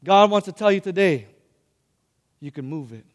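A young man delivers a lively sermon in a high, light voice, pressing his listeners to answer him. His words ring out with a long reverb from the large hall he preaches in. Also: normal speed. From Hispanic background. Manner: animated, calls on the audience to respond.

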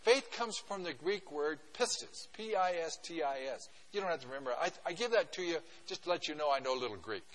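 A man's voice: on the high side, lively intonation, a little fast, hardly any pauses, fairly bright tone. An older man preaching a sermon as a guest pastor, folksy and conversational, acting out prayers and little scenes. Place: church. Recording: long reverb of a church hall.

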